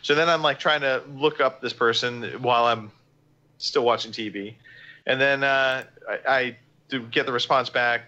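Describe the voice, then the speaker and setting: A man's voice: mid-range voice, normal speed, dull audio. A man hosting a podcast in casual chat, telling stories animatedly and acting out the quoted lines. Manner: animated storyteller who acts out quoted lines. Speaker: podcast host.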